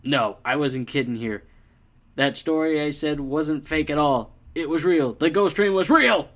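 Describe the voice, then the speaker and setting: A man's voice: on the high side, unhurried, fairly bright tone. A man voicing a muddled male train driver who rambles in confused run-on sentences. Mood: rambling.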